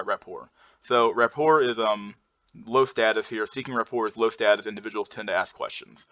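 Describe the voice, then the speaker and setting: A man's voice: lowish voice, pushed and bright. A man presenting slides in a casual lecture, rambling with many fillers and restarts and blunt swearing. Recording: dull lo-fi recording.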